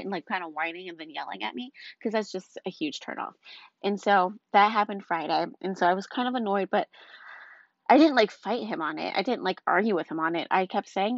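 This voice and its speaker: A woman's voice: on the low side, a little fast, no echo. A young woman telling a personal story in a casual, rambling way, full of fillers and asides. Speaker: vlogger. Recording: dull lo-fi recording, dry.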